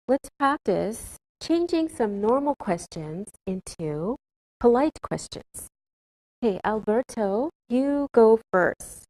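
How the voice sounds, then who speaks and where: Slow, carefully spoken woman teacher. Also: fairly high pitch, dark tone, poor audio. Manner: slow, careful, clearly enunciated. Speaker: English teacher. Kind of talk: scripted classroom lesson.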